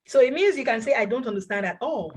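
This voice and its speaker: A woman with a fairly high voice runs an online language class over a video call. She encourages her students warmly and repeats each word so they can copy it. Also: animated, fast talker, breathy edge. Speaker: language teacher.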